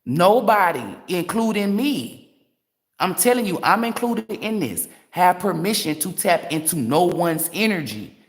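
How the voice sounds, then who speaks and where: A woman's voice: fairly low pitch, big pitch swings, a little slow. A woman tarot reader delivering a blunt, profane, emphatic rant on a livestream.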